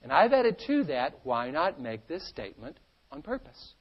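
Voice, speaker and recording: A man giving an energetic, playful seminar talk to a live audience and drawing answers from the crowd. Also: a little high, normal speed, slightly rough, highs cut off. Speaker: stress management speaker.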